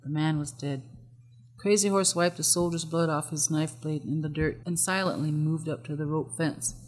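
Measured audiobook narrator in a reverberant hall. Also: mid-range voice. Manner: steady, measured storytelling. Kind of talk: scripted narration.

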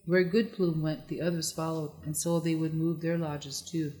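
An audiobook narrator reading a historical novel in a steady, measured way. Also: medium pitch. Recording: long echoey reverb.

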